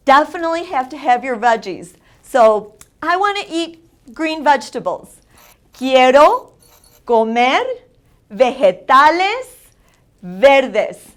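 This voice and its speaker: A woman hosting a community TV show, giving an upbeat Spanish lesson and drilling phrases with emphatic repetition. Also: sits high. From Italian heritage. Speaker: show host and Spanish teacher.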